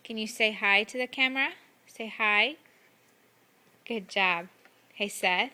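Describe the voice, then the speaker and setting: A woman's voice: mid-range voice, slow, sharp tone, clear, resonant tone. A mother at home talking to her toddler in a coaxing, sing-song voice. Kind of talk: casual talk to a toddler. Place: at home indoors.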